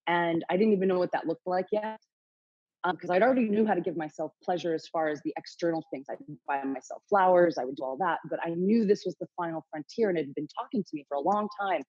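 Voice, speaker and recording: Candid husky-voiced woman in her late 40s. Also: on the low side, fast, a little mellow, no echo, highs cut off. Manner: frank, swears freely, acts out her own inner dialogue. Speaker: podcast guest. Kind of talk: candid interview storytelling.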